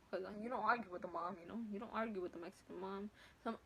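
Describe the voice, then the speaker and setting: A woman's voice: mid-range voice, racing, a little hiss or hum. A young woman vlogger casually telling a long personal story, acting out the other voices and swearing freely. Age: young adult. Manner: animated, acts out voices, swears freely, mixes Spanish.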